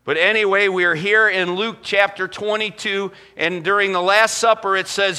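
A middle-aged man preaching a sermon as pastor, telling folksy stories and slowing down to quote scripture. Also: high-pitched, steady tone, pushed and bright, clean tone.

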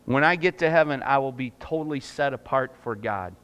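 A man preaching a sermon in a church, emphatic and rising loud, then praying in a hushed voice. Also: mid-range voice, lively intonation, a little fast, smooth, muffled recording. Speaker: pastor. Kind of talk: sermon and closing prayer. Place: church sanctuary.

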